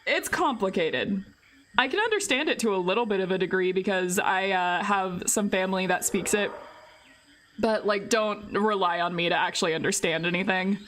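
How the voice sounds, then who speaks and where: In a medium-pitched, somewhat bright voice at a moderate pace, a woman in her forties chats casually on a live stream while reading through a visual novel, with slight background noise. Playful and talking straight to her viewers, she laughs frequently.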